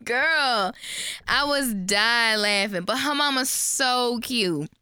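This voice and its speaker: A woman co-hosting a casual podcast, retelling gossip with lots of energy. Her voice is bright and crisp, sitting a little high, and it is recorded dry and close with no room sound. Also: slow, no echo. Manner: animated storytelling, high-pitched voices for quoted people. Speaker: podcast co-host.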